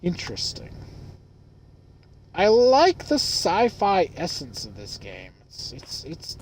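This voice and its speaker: A man streaming a puzzle game, thinking aloud with amused asides and halting restarts. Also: fairly high pitch, wildly swooping pitch, slight background noise. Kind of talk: let's play commentary, reading in-game notes aloud.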